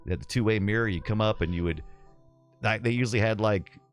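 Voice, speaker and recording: A man's voice: fairly low pitch, fast, soft background music. A middle-aged man from the southeastern US streaming a game live, rambling nostalgically and reading his viewers' chat aloud.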